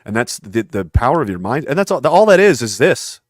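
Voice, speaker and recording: A man's voice: mid-range voice, sing-song, a little fast, no echo, studio quality. A man talking in a casual conversation, intense and rambling, often acting out voices from his stories. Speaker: podcast guest.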